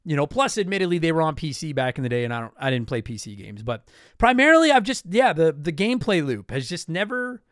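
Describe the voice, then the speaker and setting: Talking fast, a young Canadian podcast host rambles his way through listener questions in a casual chat, often restarting and apologizing. His high voice is lively and leaps around in pitch. The dry recording is close-miked, with no surrounding room.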